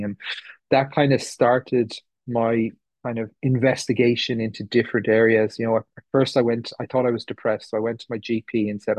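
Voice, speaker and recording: A man's voice: mid-range voice, little pitch movement, moderate pace, darkish tone, no echo. A man in his thirties from the west of Ireland, speaking with an Irish accent, shares his recovery story at a meeting in a candid, rambling way. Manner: candid, rambling, many fillers and restarts. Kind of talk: personal testimony talk. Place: meeting room.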